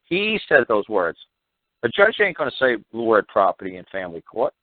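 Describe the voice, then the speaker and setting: Call-in talker, man, lowish voice, insistent and mocking, phone-quality audio. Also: very animated, a little fast, dry recording. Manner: emphatic, repetitive, mocking impressions of officials. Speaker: talk show guest explaining court procedure. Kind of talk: animated phone-in talk. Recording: tinny phone line, dry.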